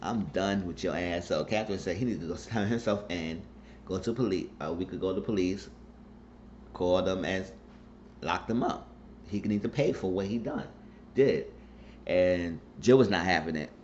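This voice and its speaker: A man giving a casual, animated, slangy recap of a TV episode for his channel. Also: low voice, moderate pace, pauses often, highs cut off, slight background noise. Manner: animated storytelling, slangy, acts out quotes. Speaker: YouTube show recapper.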